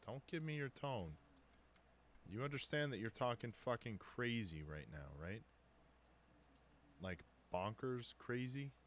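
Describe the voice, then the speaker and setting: Man doing a blunt sarcastic vampire guy, very low voice, swears, exasperated. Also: expressive, slow, long pauses, a bit bright, a little hiss or hum, exaggerated voice. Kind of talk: voicing a character in a tabletop game.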